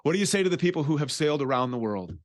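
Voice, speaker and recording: A man's voice: on the high side, big pitch swings, racing, dry recording, clean studio sound. A man hosting an interview, asking curious, probing questions and thinking aloud as he goes. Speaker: host.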